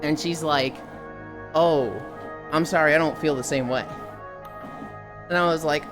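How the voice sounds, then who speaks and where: A woman streamer chatting casually on a live stream, telling stories and acting out quotes in loud mock voices. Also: low-pitched, fairly even intonation, a little slow, long pauses. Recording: background music under the voice.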